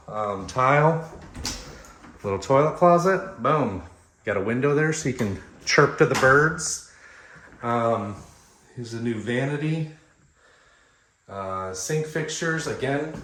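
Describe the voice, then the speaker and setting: A mid-range, fairly bright male voice with a Texan accent belongs to a real estate agent casually touring a home and its backyard while holding the camera. Slightly breathless from walking, he jokes around and names features in quick lists.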